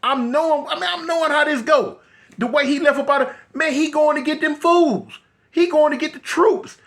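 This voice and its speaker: A middle-aged man telling a story in a casual, animated way, acting out the voices of the people in it. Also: extremely high pitch, normal speed. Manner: animated, acts out voices, repeats and restarts.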